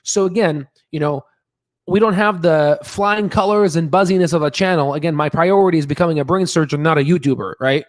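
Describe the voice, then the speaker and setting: A man's voice: a little high, a little fast, no echo. Emphatic man, dry close sound. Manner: emphatic, repeats words, many fillers and tag questions. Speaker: stock market channel host. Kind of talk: casual stock analysis talk.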